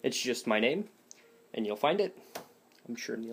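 A young man talks through a casual voice tutorial, rambling and self-deprecating with plenty of fillers. His pitch sits right in the middle for a man. It sounds recorded on a phone or webcam at home. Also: sing-song, moderate pace, gravelly, pauses often, background noise. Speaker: voice impressions teacher.

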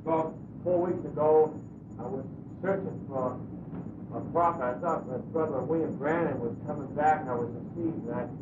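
A man in a church congregation giving a plain, halting spoken testimony. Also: on the high side. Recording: distant, roomy, dull tape with noise.

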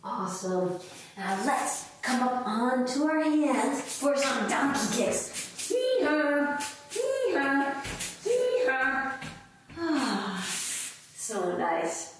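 Woman teaching kids' yoga, playful, sing-song, high voice, slow pace, echoey room heard from a distance. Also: animated, slight background noise. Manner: playful, sing-song, makes animal sounds. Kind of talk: children's yoga lesson with singing.

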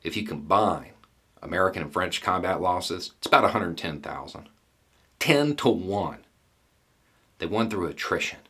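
Husky low-voiced man giving blunt commentary. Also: animated, sharp tone. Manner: blunt, folksy, rhetorical questions, deliberate pauses. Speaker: political commentator. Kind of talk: solo commentary monologue.

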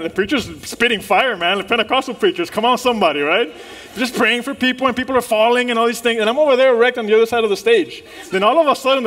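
A male pastor preaching to a congregation, his voice sitting a touch high for a man. He tells his story in an animated way, full of restarts and calls to the room. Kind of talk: sermon. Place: church in front of a congregation.

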